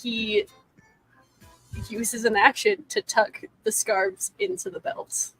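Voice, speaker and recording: Woman player, higher pitch, slow and halting. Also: very animated, creaky, fairly bright tone, slightly rough, no echo, faint music behind, poor audio. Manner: hesitant, full of ums and restarts. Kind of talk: casual tabletop play.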